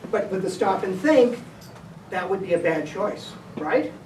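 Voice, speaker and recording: A woman's voice: medium pitch, expressive, unhurried, a little mellow. Woman teacher, directive and step-by-step, recorded from across an echoey classroom. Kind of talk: classroom behavior lesson. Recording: echoey room, distant mic, background noise.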